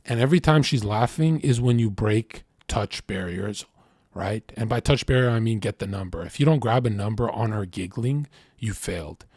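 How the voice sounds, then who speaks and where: A man's voice: on the low side, lively intonation, normal speed, a little mellow, breathy edge, no echo, clean studio sound. A man streaming, reacting to chat and reading messages aloud, in a brash, profane, boastful way, rambling and acting out bits of dialogue.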